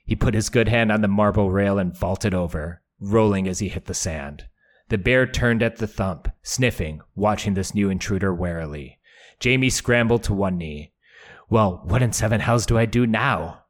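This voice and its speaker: A man's voice: low voice, normal speed. A man hosting a podcast, recapping a book chapter with wry, profane asides and dramatic readings. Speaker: podcast host.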